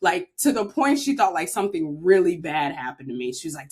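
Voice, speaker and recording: A woman's voice: on the low side, sing-song, a little fast, husky. A woman from Maryland, a podcast guest, telling a personal story in an earnest, heartfelt way with frequent filler words. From Maryland, USA.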